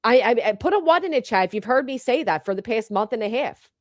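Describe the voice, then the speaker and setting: A woman's voice: on the high side, animated, quick pace, no room sound, studio quality. A middle-aged woman hosting a livestream, blunt and profane, reading out viewer names between heated remarks. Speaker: livestream host.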